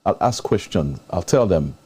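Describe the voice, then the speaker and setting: A man's voice: low voice, animated, moderate pace, mellow, breathy edge. A man hosting a live interview show, openly moved and thanking his guest at length. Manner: emotional, effusive thanks. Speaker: host.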